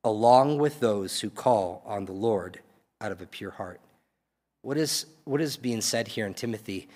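A man's voice: fairly low pitch, a little slow, a little mellow. A man preaching a sermon as pastor, earnest and pleading, building to emphatic peaks. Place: church hall. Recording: long reverb of a church hall.

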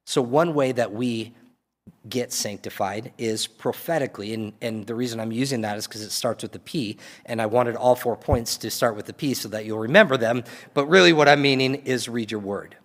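A man's voice: medium pitch, brisk. Earnest male pastor in echoing hall. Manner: earnest, pleading, building to emphatic peaks. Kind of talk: sermon. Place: church hall. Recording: long reverb of a church hall.

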